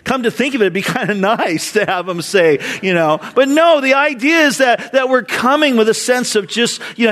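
A man's voice: extremely high pitch, normal speed, few pauses, a bit bright. A middle-aged man preaching a sermon to his church in an earnest, conversational way, often repeating words as he goes. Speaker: pastor.

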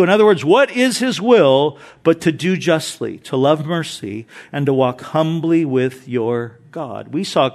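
A man's voice: on the high side, unhurried, few pauses. A middle-aged male pastor preaching a sermon, mixing scripture readings with humorous stories. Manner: animated storytelling with jokes and scripture reading.

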